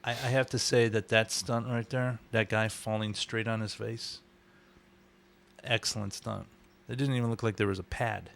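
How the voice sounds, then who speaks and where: A man's voice: lowish voice, fairly even intonation, normal speed, vocal fry, fairly bright tone. A man co-hosting a casual movie commentary, chatty and musing, often trailing off mid-thought. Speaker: podcast co-host.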